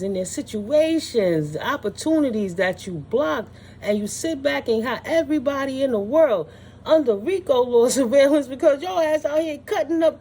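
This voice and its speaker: A woman's voice: high voice, mellow, slight background noise. A woman doing a casual spiritual tarot reading, sassy and blunt, scolding with profanity and frequent laughs. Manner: scolding, dismissive. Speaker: tarot reader.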